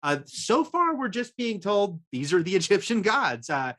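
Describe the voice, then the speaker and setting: A man co-hosting a casual TV review chat, rambling with many fillers and quick laughs. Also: sits high, big pitch swings, sharp tone. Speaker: film and TV critic co-host.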